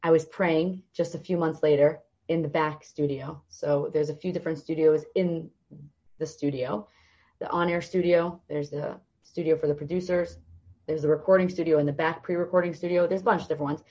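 Fairly quick and low-voiced, a young woman guesting on a podcast shares stories in conversation. She animatedly acts out the voices of the characters, and the sound is dull.

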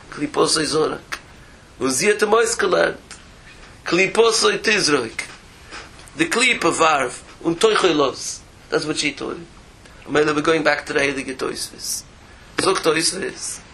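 A man giving a Torah lecture as a rabbi, animated, with rhetorical questions and repeated phrases. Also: fairly high pitch, vocal fry, poor audio.

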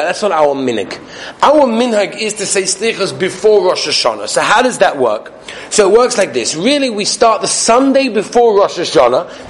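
A man teaching a religious class, telling a parable with acted-out quotes and a lively, laughing manner. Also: high voice. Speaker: rabbi giving a Torah class. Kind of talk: sermon with a told parable.

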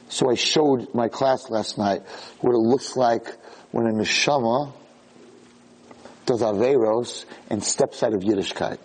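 A man, a rabbi, giving a Torah class sermon with animated stories and rhetorical questions. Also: mid-range voice, a little slow, breathy edge.

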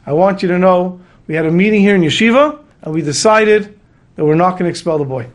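A man's voice: sits high, expressive, fast. A man voicing the male head of a yeshiva, who speaks in a firm, reassuring way.

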